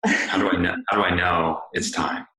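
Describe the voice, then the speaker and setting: A man's voice: sits low, steady tone, moderate pace, bright, forceful tone. A man hosting an interview podcast, talking in a casual, rambling way with lots of fillers. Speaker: podcast host. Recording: roomy echo.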